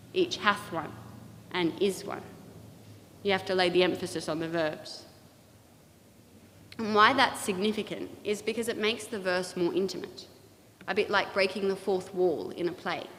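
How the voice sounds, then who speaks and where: A woman giving a measured, thoughtful talk on poetry in a large church. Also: on the low side, fairly bright tone, a little hiss or hum. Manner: measured, thoughtful, with occasional restarts. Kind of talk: reflective lecture in a church. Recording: long reverb of a large hall.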